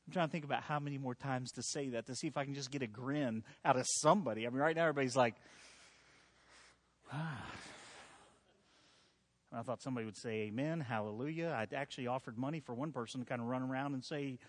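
A man's voice: mid-range voice, rapid-fire, few pauses. A male pastor preaching a sermon in a conversational way, with self-deprecating humor, in a church hall.

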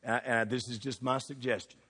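A middle-aged man preaching a sermon, animated and throwing questions at the congregation. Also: medium pitch, fairly quick, slightly rough, in a large hall. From United States.

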